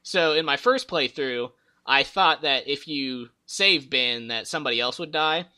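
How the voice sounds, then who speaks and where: A man's voice: medium pitch, unhurried, bright, forceful tone, smooth. A man hosting a casual gaming podcast, rambling through stories and acting out characters' lines. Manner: rambling storyteller, acts out game characters' lines. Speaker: podcast host.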